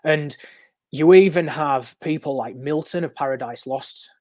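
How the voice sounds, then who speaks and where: A man's voice: fairly high pitch, measured pace, darkish tone, dry recording. A man talking as a podcast guest, explaining history in a loose, storytelling way with frequent ums and restarts. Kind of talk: conversational explaining. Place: podcast recording.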